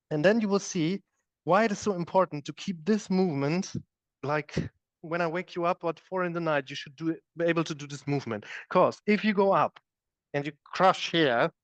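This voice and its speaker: Teaching yoga live, this German-native man shows the movements while he explains them, often pausing to ask "okay?". His pitch is fairly high, and the sound is a dull, dry studio recording with no echo.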